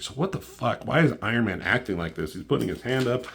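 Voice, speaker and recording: A man's voice: mid-range voice, animated, quick pace, gravelly, fairly bright tone, slight background noise. A man casually reviewing a comic book, rambling and swearing, acting out characters' lines in a raised voice. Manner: profane, rambling, acts out dialogue in raised voice.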